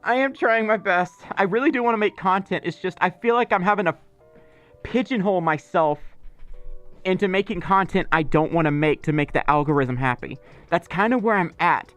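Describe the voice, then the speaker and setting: A man with a high-pitched, fairly bright, clean voice talks a little fast over soft background music. He's hosting a casual livestream, rambling and chatty, reading viewer messages aloud with lots of filler words and asides.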